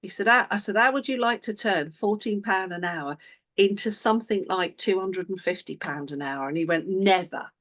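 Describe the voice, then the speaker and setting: A woman's voice: medium pitch, moderate pace. A woman coaching a business team, telling a story and acting out the dialogue of everyone in it. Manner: animated, acts out quoted dialogue in the story.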